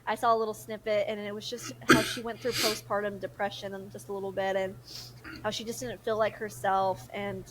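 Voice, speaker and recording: A woman's voice: medium pitch, fairly quick, very noisy. A young woman, talking openly and with feeling as a podcast co-host. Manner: animated and emotional, quotes others in lively voices. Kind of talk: casual chat.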